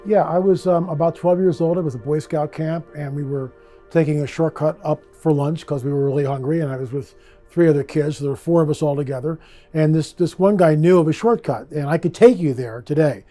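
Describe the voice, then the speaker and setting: A man from the United States, interviewed and casually telling a story in an animated way. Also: fairly high pitch, a little fast, faint music behind. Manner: animated, acts out voices when retelling.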